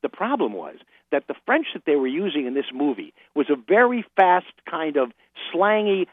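A man's voice: a little high, big pitch swings, moderate pace, no echo. An older man chatting as a radio guest, telling stories with laughs and restarts. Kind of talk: casual anecdotal interview. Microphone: phone. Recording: phone line.

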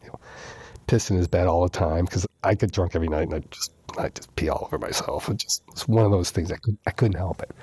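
A man guest in a casual interview, telling his recovery story with lively retellings, acting out quoted dialogue and repeating lines for emphasis. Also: low voice, quick pace, husky, no room sound.

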